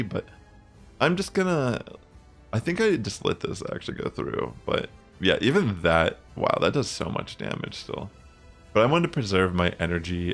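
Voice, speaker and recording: A young man casually commenting on his own online game matches, chatty and relaxed, thinking aloud with fillers. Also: low voice, creaky. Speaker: gaming content creator.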